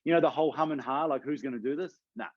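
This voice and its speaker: A man talking quickly and earnestly, a coach co-hosting a podcast in relaxed conversation. His voice sits close and dry on the mic, with a slightly dull, lo-fi tone. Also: a little high, no room sound. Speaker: podcast co-host, fitness coach. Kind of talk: casual chat.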